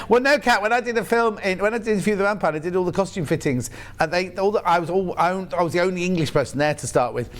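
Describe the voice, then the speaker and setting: Yorkshire guy hosting a live tv sales show, kinda high voice, jokey and chatty. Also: fast talker, few pauses. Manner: chatty, playful, jokey asides. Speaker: shopping channel presenter.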